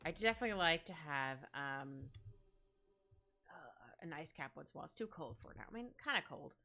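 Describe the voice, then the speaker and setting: Woman, rambling and giggly, bright tone, casual chat while drawing. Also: deep voice, lively intonation, a little fast. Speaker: art streamer. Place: home streaming setup. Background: faint background music.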